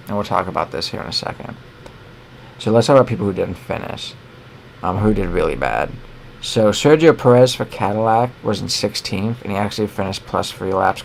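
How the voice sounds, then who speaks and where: A young American man chatting casually about motor racing, loose and opinionated, tripping over his words and correcting himself as he goes. His voice sits low and a bit gravelly, with a faint hiss behind it. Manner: rambling and opinionated, with many fillers and self-corrections. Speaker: sports show co-host. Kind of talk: casual sports commentary.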